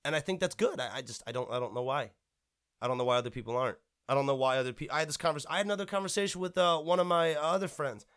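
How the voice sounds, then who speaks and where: A man's voice: a little high, rapid-fire, fairly bright tone, clear, resonant tone. A young man ranting bluntly and profanely in a podcast monologue, rambling and restarting his sentences.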